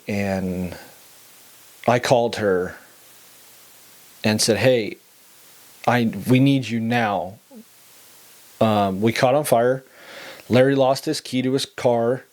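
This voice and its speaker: A man's voice: medium pitch, slow pace, long pauses, a little mellow. A middle-aged man earnestly telling a personal story on a podcast, acting out what people said. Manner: earnest, acts out quoted dialogue. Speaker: podcast host telling his testimony.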